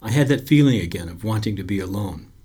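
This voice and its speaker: A man narrating a story aloud in a slow, quiet, brooding delivery. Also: fairly low pitch, lively intonation, slightly rough.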